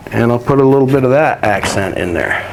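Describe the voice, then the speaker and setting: A man teaching a painting lesson, walking through each step in a relaxed, practical way while he works. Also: medium pitch, fairly quick. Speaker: painting instructor.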